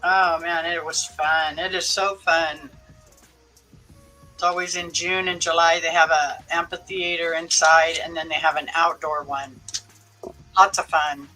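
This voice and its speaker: A man's voice: on the high side, level tone, measured pace, pushed and bright, soft background music, low-quality recording. A man chatting casually, enthusiastic and agreeable. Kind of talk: casual chat.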